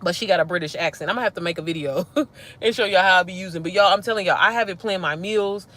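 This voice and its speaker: A woman hosting a casual livestream, animated and slangy, talking straight to her viewers. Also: lowish voice, fast talker. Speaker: livestream host.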